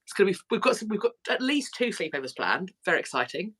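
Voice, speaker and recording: A woman's voice: medium pitch, big pitch swings, fast talker, a bit bright, husky. A woman hosting a casual livestream through her phone, talking in rambling, self-correcting runs. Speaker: YouTube channel host.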